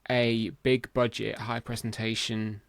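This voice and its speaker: A man hosting a podcast, chatting casually and giving measured, emphatic opinions. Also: fairly low pitch, little pitch movement, gravelly, dry recording. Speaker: podcast host. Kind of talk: casual conversation.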